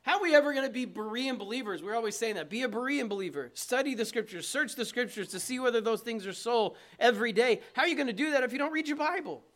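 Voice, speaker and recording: A man's voice: very high voice, expressive, fast talker, hardly any pauses, a bit bright. A man preaching a sermon from the pulpit, emphatic and conversational, with asides to the congregation. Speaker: pastor. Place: church.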